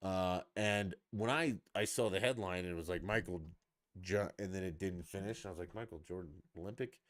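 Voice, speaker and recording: A man's voice: sits low, normal speed, fairly bright tone. A middle-aged man ranting casually as a podcast host, blunt, mocking and profane.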